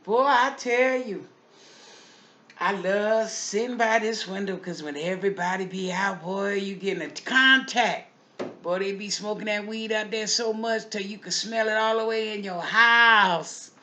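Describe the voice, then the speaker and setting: A woman's voice: mid-range voice, measured pace, bright, forceful tone, a little hiss or hum. A woman playing a gossipy, nosy neighbor lady who watches the street from her window, in a folksy, chatty comic monologue full of repeated asides. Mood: musing.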